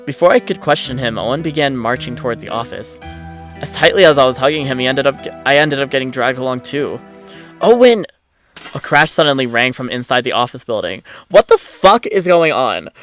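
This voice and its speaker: A man hosting a let's play, reading the story aloud and reacting with excitable, swearing commentary. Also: medium pitch, fast talker, soft background music. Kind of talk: game commentary with read-aloud narration.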